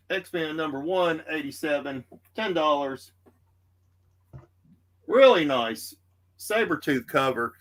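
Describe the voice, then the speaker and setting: A man's voice: on the high side, pushed and bright. A man with a Southern US accent hosting a live comic book auction, easygoing and rambling with many fillers. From Texas. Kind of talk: live-stream sales patter.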